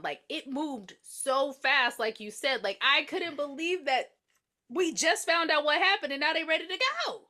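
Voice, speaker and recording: A woman's voice: high voice, normal speed. A woman co-hosting a podcast, recapping a movie in casual, profane chat and acting out the characters' lines as she goes. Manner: animated, profane retelling that acts out the characters' lines. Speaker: podcast co-host.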